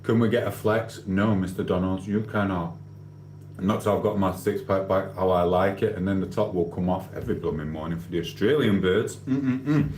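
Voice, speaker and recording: A man's voice: low-pitched, moderate pace, a little mellow. A man hosting a casual livestream, reading comments aloud and ranting bluntly with cheeky swearing. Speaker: livestream host. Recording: roomy echo with faint hum.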